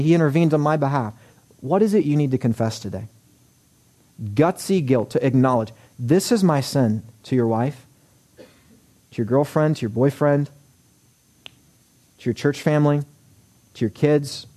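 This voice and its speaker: A man's voice: medium pitch, expressive, a little slow, pauses often, mellow. A man preaching a sermon, earnest and emphatic, with rising exhortations. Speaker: pastor.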